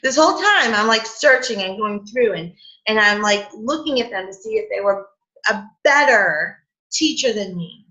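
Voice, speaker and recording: An expressive woman with a pushed, bright mid-range voice talks at normal speed while hosting a spiritual coffee chat. Speaking to a live group, she's casual and heartfelt, leans on fillers, and laughs while close to tears. The stream sound is dull and lo-fi.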